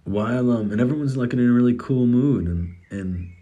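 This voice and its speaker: A man's voice: mid-range voice, normal speed, warm tone, lo-fi sound. A middle-aged man casually telling a personal story about his daughters, rambling with many restarts and the odd curse.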